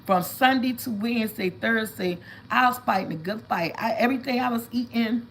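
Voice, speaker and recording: A woman chatting casually with viewers on a livestream, telling animated stories and calling them y'all. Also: fairly high pitch, brisk, hardly any pauses, slight background noise, rough recording. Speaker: vlog host.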